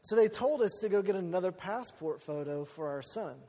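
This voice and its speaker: A man telling a personal story in a sermon, acting out the people he quotes in an animated way. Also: high voice, a little fast. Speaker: preacher. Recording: long hall reverb.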